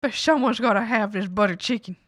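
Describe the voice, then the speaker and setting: A woman voicing the pushy ghost of a chicken being cooked, talking in a hushed, conspiratorial way. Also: a little high, fairly quick, natural voice. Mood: wheedling.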